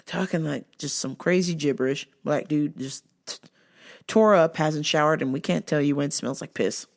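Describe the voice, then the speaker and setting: A woman vlogger rants through a story with a low, gravelly voice. She swears freely and sounds thoroughly exasperated. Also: normal speed. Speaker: vlog host and store worker. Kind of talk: casual vlog rant.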